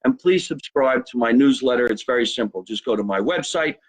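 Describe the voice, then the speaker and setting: Casual male host, mid-pitched, joking through fan mail and plugs. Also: animated, a little fast, breathy edge. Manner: chatty, jokey, reads fan mail and sponsor plugs. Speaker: podcast host. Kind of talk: casual live show chat.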